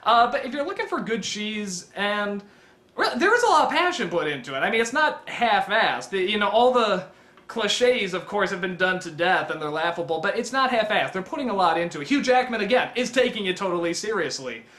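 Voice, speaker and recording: A man's voice: high voice, expressive, a little fast, sharp tone, roomy sound. A man giving a casual spoken film review, rambling with lots of ums and frequent chuckles.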